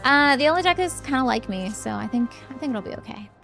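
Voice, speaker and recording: A woman's voice: high-pitched, expressive, fast, gravelly, a bit bright, soft background music. A young woman streamer giving casual, chatty commentary while playing a game, with giggly asides.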